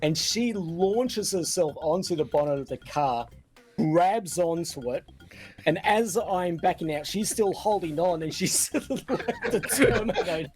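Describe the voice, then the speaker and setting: A man's voice: sits high, expressive, measured pace, darkish tone, faint music behind. A man telling a long funny story on a podcast panel, laughing often as he goes. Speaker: panel guest, former game hotline worker.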